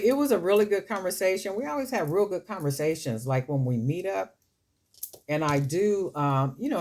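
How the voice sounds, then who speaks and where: This jewelry-making channel host speaks in a low, slightly mellow voice. As she crafts, she rambles through chatty stories and talks to her viewers as if they were family. When she fiddles with beads her voice drops and wanders away from the microphone.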